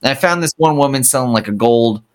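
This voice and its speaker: A man's voice: mid-range voice, lively intonation. Blunt, profane man chatting. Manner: blunt, profane, quick reactions. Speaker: podcast co-host. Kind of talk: casual chat.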